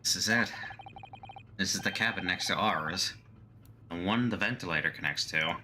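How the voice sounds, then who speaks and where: A man's voice: low voice, moderate pace, pushed and bright, slight background noise. A man voicing a polite, nervous young male lawyer in a game, hesitant and stammering. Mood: earnest. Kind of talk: fan voice acting of a game.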